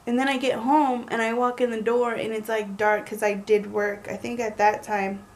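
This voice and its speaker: A young woman telling a story in a chatty, animated way, full of likes. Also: a little high, moderate pace, low-quality recording. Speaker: vlogger. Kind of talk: casual storytelling.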